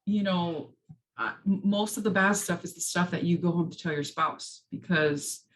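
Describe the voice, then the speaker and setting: A woman's voice: normal speed, poor audio. A woman hosting a casual chat, telling stories and acting out quoted lines with big jumps in her voice. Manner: animated storyteller, acts out quotes with big pitch jumps. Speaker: host.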